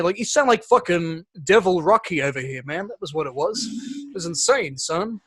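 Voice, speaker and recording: A man's voice: on the high side, lively intonation, normal speed, breathy edge. A man co-hosting a casual podcast, telling stories animatedly and swearing freely. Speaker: podcast co-host. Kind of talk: casual chat.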